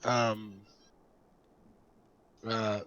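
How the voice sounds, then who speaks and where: A man's voice: lowish voice, level tone, very slow, fairly bright tone, no echo, lo-fi sound. A man chatting casually on a stream, hesitant and often restarting his sentences. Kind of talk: casual chat on a live stream.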